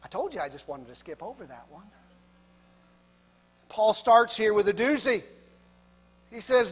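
High-voiced man preaching in a reverberant hall. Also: normal speed. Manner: folksy and self-deprecating, laughs often; swings from quiet asides to loud emphatic preaching. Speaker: pastor. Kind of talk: sermon.

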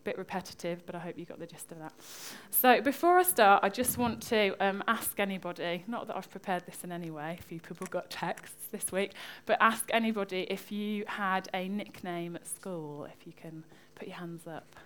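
A woman's voice: medium pitch, moderate pace, few pauses. Young woman giving a sermon, chatty and jokey with the crowd. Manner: chatty, lively, joking with the audience. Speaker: preacher. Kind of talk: sermon with congregation interaction.

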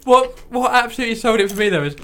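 A man's voice: extremely high pitch, animated, racing, fairly bright tone, a little hiss or hum. Giggly man podcast host. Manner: giggly, keeps breaking into laughter. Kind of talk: casual chat.

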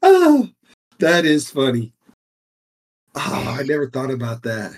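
A man co-hosting a relaxed podcast chat in a husky, slightly raspy voice. His pitch moves a lot as he talks. He readily agrees with his partner and echoes back what he has just heard. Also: takes it slowly. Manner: agreeable, echoes and affirms the other host. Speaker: podcast co-host. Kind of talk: casual chat.

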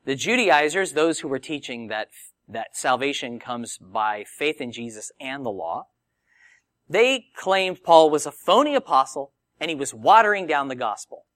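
Animated preacher man, lively voice. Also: mid-range voice, normal speed, no echo, studio quality. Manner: animated, conversational Bible teaching with acted quotes. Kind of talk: sermon.

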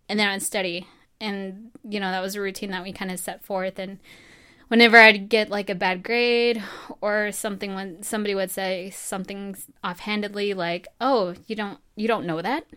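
A woman's voice: medium pitch, bright, forceful tone, clean tone. A young woman from New Mexico, a medical student, casually telling her own story in a rambling way, laughing often and acting out what people said.

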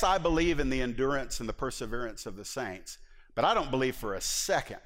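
A man's voice: sits high, pushed and bright. A man from the Southern US preaching a sermon as pastor, earnest and emphatic. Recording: long hall reverb.

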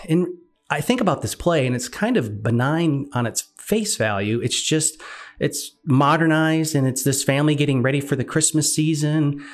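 A man's voice: fairly high pitch, normal speed. Earnest man telling a personal story. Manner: earnest, animated retelling with quoted dialogue. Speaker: guest sharing testimony.

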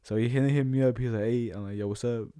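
A man's voice: medium pitch, fairly even intonation, fast, mellow, smooth, no echo, clean studio sound. A young man from Utah co-hosting a podcast, chatting casually with slang and trailing sentences. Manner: laid-back slangy, trailing off, says dog and bro. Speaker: podcast co-host. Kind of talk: casual chat.

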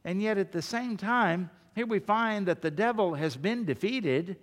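A male pastor delivering a sermon, his voice sitting a little high for a man. He presses his points hard and then drops into quiet asides to the congregation. The sound carries a long reverb, like a large hall. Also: expressive, unhurried. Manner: emphatic, swings between loud declarations and quiet asides.

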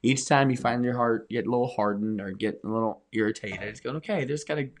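A man's voice: medium pitch, fast. A man, a pastor, talking earnestly in a conversational church podcast, repeating phrases for emphasis.

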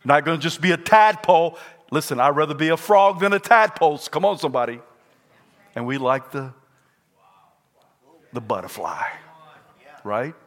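High-voiced older man preaching passionately. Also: expressive, moderate pace, pauses often. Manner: impassioned, rising to shouted peaks; repetitive and emphatic. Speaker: pastor. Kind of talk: sermon.

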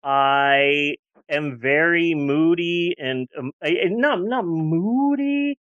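A woman's voice: low voice, takes it slowly, clean tone, no room sound, muffled recording. A woman in her forties chatting candidly on a podcast, rambling a little and restarting her sentences. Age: 40s. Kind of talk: casual podcast chat.

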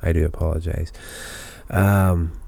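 A man's voice: low-pitched, little pitch movement, measured pace, creaky, mellow, dry recording. A tired man casually recapping a television episode, rambling with many fillers and restarts. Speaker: show recapper.

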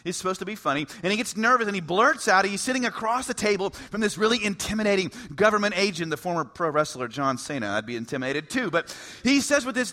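A man preaching a sermon, in an animated, conversational way with bits of humor. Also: sits high, fast talker. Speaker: pastor.

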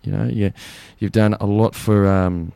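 Chatty Australian radio host, low voice. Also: male voice, little pitch movement, unhurried, gravelly, warm tone, clean tone, dry recording. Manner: chatty, jokey, rambling with fillers. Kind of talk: casual radio chat.

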